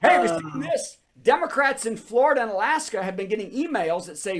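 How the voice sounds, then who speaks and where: A man's voice: high voice, big pitch swings, a little fast. A man hosting a comedy show over a video call, telling topical jokes and laughing at his own bits.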